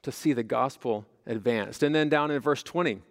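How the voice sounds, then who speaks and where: A man's voice: medium pitch, normal speed. A man preaching a sermon as pastor, talking to his congregation in a conversational way, with rhetorical questions and personal stories. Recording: long reverb of a large hall.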